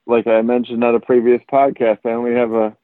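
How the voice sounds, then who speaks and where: A man with a mid-range voice talks briskly, with no echo, over a tinny, phone-like, dry line. He is a podcast guest in casual chat, an animated storyteller who acts out the quotes in his stories.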